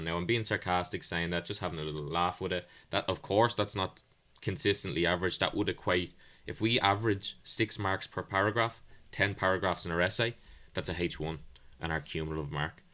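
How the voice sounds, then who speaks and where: A man's voice: deep voice, brisk, a bit bright. A man giving an online history exam revision lesson, explaining things plainly with some fillers. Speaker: history teacher.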